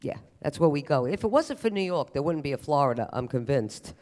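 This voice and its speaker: Stand-up comedian, man, self-mocking set on stage, fairly high, lively voice. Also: a little fast, few pauses. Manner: animated, self-deprecating delivery. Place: live comedy stage at a museum event.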